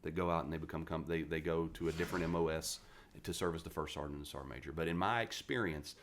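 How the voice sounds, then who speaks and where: A man's voice: rumbling low, fast talker, slight background noise. A man in his forties from West Virginia, a retired Marine telling stories bluntly and with plenty of swearing as a podcast guest. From West Virginia, USA. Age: 40s. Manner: blunt, profane, animated storyteller. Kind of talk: casual interview storytelling.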